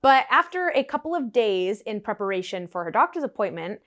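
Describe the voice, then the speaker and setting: A young woman telling a story in a vlog, animated and laughing often. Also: on the high side, brisk.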